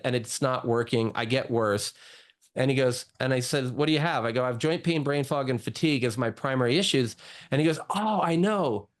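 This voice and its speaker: Male guest doctor, casual rambling storyteller, average pitch. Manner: chatty, lots of "like" and "you know".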